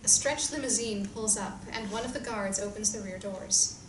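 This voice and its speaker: A woman reading stage directions aloud in a screenplay reading, in a clear, measured way. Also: mid-range voice. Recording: roomy distant sound with background noise.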